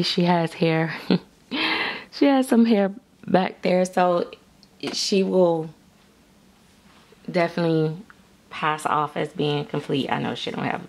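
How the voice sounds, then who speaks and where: A middle-aged woman talks casually to her viewers. Her voice sits a bit low and has a gravelly edge. She rambles, circles back and fills her sentences with "like" and "um.". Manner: rambling, many fillers and restarts. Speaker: reborn doll artist and vlogger.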